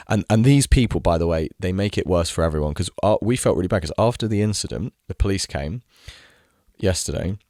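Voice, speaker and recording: A man's voice: low voice, darkish tone, no room sound, clean studio sound. A young man ranting in a casual monologue, exasperated, swearing freely and mimicking people mockingly. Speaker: video creator.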